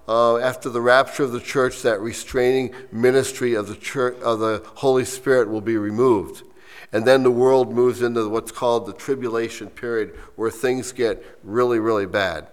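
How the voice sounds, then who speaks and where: A man preaching a sermon as pastor, reading quoted lines slowly and with emphasis, then dropping to soft asides. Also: on the low side, big-room sound.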